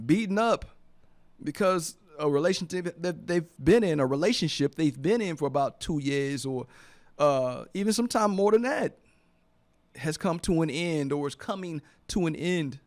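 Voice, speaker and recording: In a studio, a man with a slightly high voice hosts a motivational radio talk show. He speaks earnestly and from the heart, repeating phrases for emphasis.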